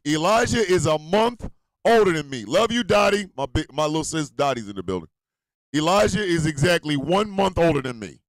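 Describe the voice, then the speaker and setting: A man hosting a radio show, ranting loudly and profanely, swinging between shouting and low muttering. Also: no room sound. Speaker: host. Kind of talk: ranting commentary.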